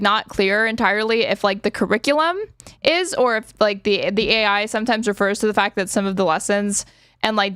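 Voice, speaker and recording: A woman's voice: mid-range voice, fairly bright tone, clear, resonant tone, no echo. Sarcastic woman streamer, dry close sound. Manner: casual, sarcastic, swears, lots of fillers. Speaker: streamer host. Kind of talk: casual reaction stream commentary.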